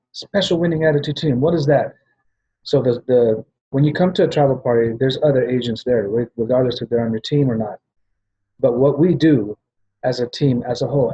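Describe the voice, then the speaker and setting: A man's voice: mid-range voice, mellow, husky, dull audio. A man giving a rambling training talk to sales agents, often restarting and checking in with "right?". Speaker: business trainer at a travel party.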